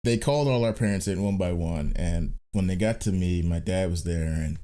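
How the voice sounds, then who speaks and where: Mellow low-voiced man telling stories. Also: normal speed. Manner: wry storyteller, laughs at his own stories. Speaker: podcast co-host. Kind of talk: casual chat.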